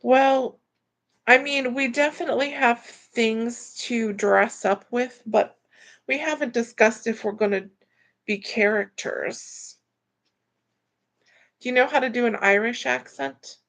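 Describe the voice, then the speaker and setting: Reading chat comments on her casual livestream, a Florida, US host takes things slowly in a slightly high, gravelly, somewhat bright voice. She rambles through her replies, restarting often and repeating words when she does.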